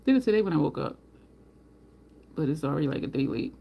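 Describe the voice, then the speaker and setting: A woman's voice: deep voice, very animated, quick pace, creaky, highs cut off, a little hiss or hum. A woman hosting a casual livestream, chatting with viewers and answering their comments while she does her makeup. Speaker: livestream host.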